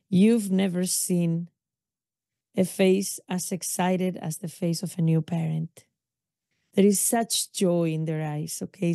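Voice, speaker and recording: Woman doula podcaster telling a story, mellow dark tone, lots of "you know", chatty asides. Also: on the low side, vocal fry, no echo, clean studio sound. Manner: warm, intimate retelling with frequent "you know" and "okay?". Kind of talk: personal storytelling.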